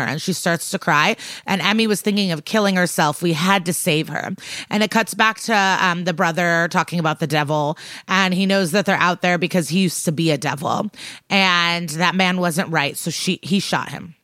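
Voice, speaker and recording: A woman's voice: fairly low pitch, moderate pace, fairly bright tone, dry recording. A woman co-hosting a podcast, retelling a TV episode in casual chat and quoting the characters as she goes. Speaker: podcast co-host.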